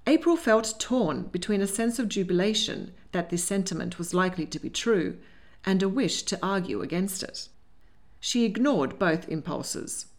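A woman narrating an audiobook in an expressive, animated reading. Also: mid-range voice, moderate pace.

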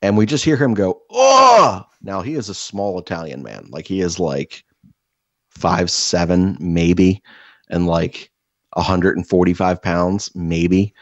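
A young man with a very deep, low voice rambles through profane stories in casual podcast chat. The sound is dry and a bit dull, like a close home mic. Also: a little slow, a little mellow, no room sound. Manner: swearing, rambling storyteller. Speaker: podcast co-host.

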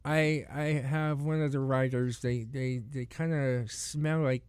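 A rideshare driver rambles through stories about his passengers on a casual podcast, laughing often, restarting sentences, and acting out what people said. His mid-range voice is steady, smooth, and darkish, unhurried, with no echo.

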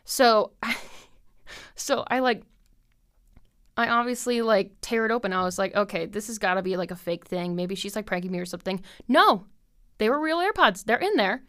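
A podcast host in her twenties talks off the cuff, drifting between tangents with plenty of fillers. Her voice is smooth and resonant, sitting at an ordinary middle pitch for a woman. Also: animated, normal speed, pauses often, a bit bright. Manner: chatty and scattered, heavy with fillers and frequent laughs. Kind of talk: rambling casual chat.

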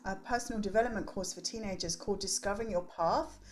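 A youth development coach in her forties, appearing as a podcast guest, talks emphatically and a bit preachily about her work with teenagers. Her voice is mid-range and quick-paced, and she often ends her points with "right?" in this animated interview.

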